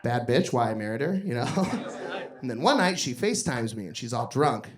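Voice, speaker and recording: A man performing a crude stand-up comedy set on a club stage, yelling his punchlines and telling stories. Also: mid-range voice, big pitch swings, moderate pace, crowd noise. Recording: noisy live club recording.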